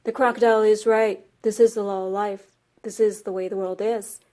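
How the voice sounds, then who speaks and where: A woman's voice: medium pitch, little pitch movement, normal speed, dark tone, lightly acted. A woman reading aloud, voicing a grieving, resigned mother bird in a storybook tale. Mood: sorrowful.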